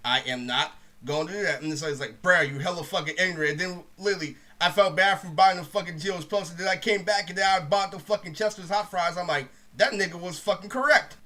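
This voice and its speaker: Talking fast with hardly any pauses, this young vlogger's bright, forceful voice carries a rambling storytime full of swearing. "Literally" comes up again and again, and he lowers his voice to imitate others.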